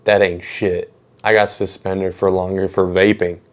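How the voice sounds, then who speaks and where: Blunt casual teen boy, voiced by a man, low-key. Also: little pitch movement, unhurried. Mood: disgusted.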